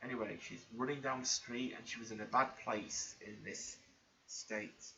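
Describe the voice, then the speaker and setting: A man's voice: medium pitch, fairly even intonation, normal speed, bright, forceful tone. A man vlogging, telling an emotional personal story in an earnest, rambling way with many restarts. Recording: muffled lo-fi recording with faint background hiss.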